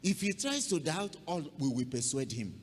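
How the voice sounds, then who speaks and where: A male pastor preaches with dramatic storytelling, his voice swooping up and down and sitting a little high for a man. It carries a long hall reverb with faint noise underneath. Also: sing-song, moderate pace. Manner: dramatic storytelling, acting out the scene. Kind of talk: sermon.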